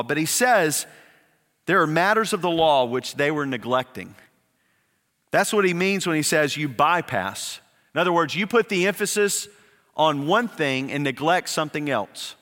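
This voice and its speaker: A man preaches from the pulpit with a slightly high voice and a long hall reverb. He presses his points with repetitions, slowing and dropping his voice on the key words of an emphatic sermon. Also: sharp tone. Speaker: pastor.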